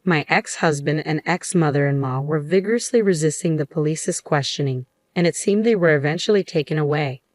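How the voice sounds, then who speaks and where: A woman narrating a scripted first-person story in a steady, even reading voice. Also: sits low, brisk, few pauses, dry recording, clean studio sound.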